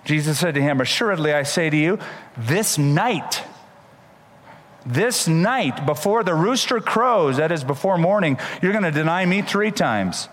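Male pastor, somewhat high voice, emphatic sermon delivery, long hall reverb. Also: fairly quick, few pauses. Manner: animated, emphatic Bible storytelling.

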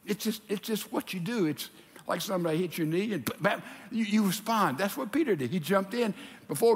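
A pastor preaching a sermon in a lively, animated way, acting out the people in his story. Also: sits high, brisk. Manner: animated preaching, acts out quotes. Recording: reverberant hall.

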